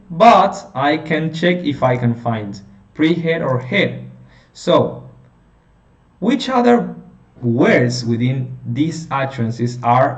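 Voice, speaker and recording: Male phonetics teacher, patient and slow, quizzes students, faint hiss behind. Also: medium pitch, highs cut off. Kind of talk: online phonetics lesson. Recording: echoey room, a little far from mic, faint hiss.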